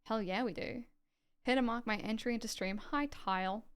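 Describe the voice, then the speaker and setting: A woman's voice: a little high, moderate pace, smooth. An Australian woman livestreaming, reading dense legal text aloud and chatting offhand with viewers, swearing casually.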